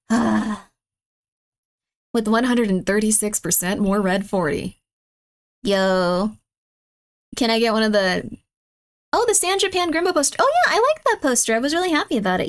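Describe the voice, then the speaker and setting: High-voiced, excitable woman streamer. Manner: excitable, mock-outraged, swings between loud and muttered. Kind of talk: casual live-stream chat.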